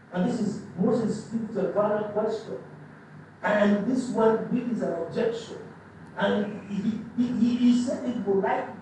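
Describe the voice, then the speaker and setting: Male pastor, high mellow voice, emphatic and repetitive; church hall with heavy echo, mic at a distance. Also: slight background noise. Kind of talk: sermon.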